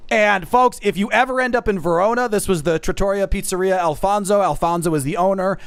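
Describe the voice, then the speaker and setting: A man's voice: high-pitched, fairly quick, clean tone, no echo. A man streaming, chatting casually and self-deprecatingly, calling his viewers folks. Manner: animated, self-deprecating, addresses chat as folks. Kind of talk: casual chat.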